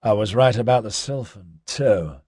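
A man voicing a laid-back, chatty young man who talks in hippie slang with an excitable drawl. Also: lowish voice, moderate pace, slightly rough, no room sound, clean studio sound, voice pushed up. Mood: rambling.

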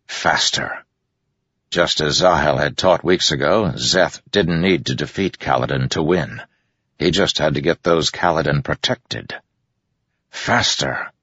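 A man narrating a fantasy audiobook with a steady, measured reading, in a dull, dry recording. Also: rumbling low, husky, no room sound.

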